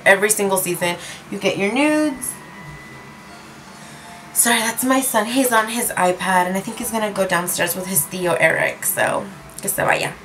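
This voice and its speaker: A mid-range, pushed and bright female voice comes through poor audio with slight background noise. At home in her room, the beauty vlogger rambles through a lipstick review, chatty and self-mocking, with bits of Spanish.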